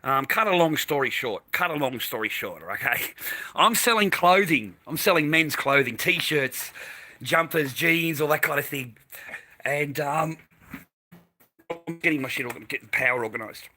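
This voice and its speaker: A man's voice: a little high, expressive, normal speed, sharp tone. A middle-aged Australian man rambling and swearing casually while telling stories to his viewers. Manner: swears a lot, tells stories with repeated phrases. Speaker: vlogger.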